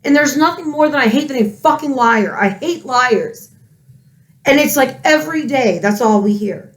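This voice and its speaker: Brief: angry woman vlogger in her thirties, fiery rant, higher voice. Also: animated, moderate pace. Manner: angry, heated, swearing. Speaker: political commentary vlogger. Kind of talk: ranting commentary.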